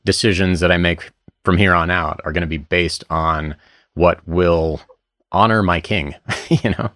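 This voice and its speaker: Low-voiced man hosting a faith interview. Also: fairly even intonation, unhurried, a bit bright, no room sound, clean studio sound. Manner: affirming, short backchannels, reflective. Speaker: podcast host. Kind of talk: casual interview conversation.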